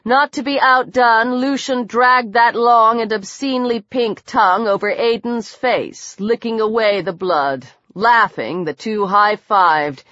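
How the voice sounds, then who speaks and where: Female audiobook narrator, unhurried dramatic horror reading; muffled, dead-dry sound. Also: a little high, a bit bright, no echo. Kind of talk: scripted narration. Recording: dull dry audiobook recording.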